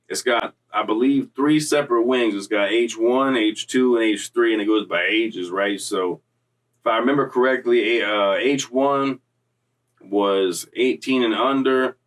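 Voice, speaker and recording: A young man casually recounting a story in street slang, animated and full of acted-out quotes, from Florida. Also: on the low side, distant mic. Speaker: storyteller recounting prison time.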